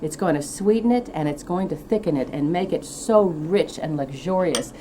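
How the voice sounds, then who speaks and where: With a deep, warm voice at a normal speed, a woman hosts a cooking show, demonstrating a dish chattily and enthusiastically with some light teasing. There's a little hiss or hum in the audio.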